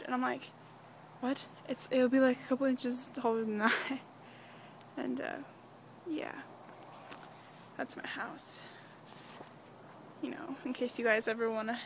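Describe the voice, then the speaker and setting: Giggly high-pitched teen girl vlogging. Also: gravelly, slight background noise. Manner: chatty, rambling, giggly; walking and talking softly outdoors. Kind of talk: casual daily vlog. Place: quiet suburban neighborhood outdoors.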